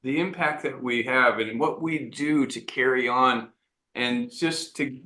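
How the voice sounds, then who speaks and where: Man, earnest, halting restarts, bright voice, echoey room. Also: mid-range voice. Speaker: entrepreneur guest. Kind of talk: reflective interview talk.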